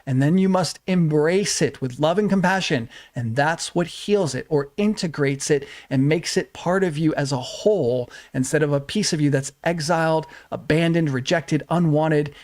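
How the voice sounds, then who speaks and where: A man's voice: on the high side, moderate pace, few pauses, a little mellow. A man teaching as a relationship coach on a livestream, earnest and repetitive, often checking in with "right?".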